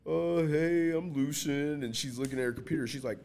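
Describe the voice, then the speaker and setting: A man's voice: fairly high pitch, a little fast, vocal fry. A young man, a podcast guest, telling stories in casual chat with lots of slang, swearing and laughter. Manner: animated, laughing storyteller with heavy slang and swearing.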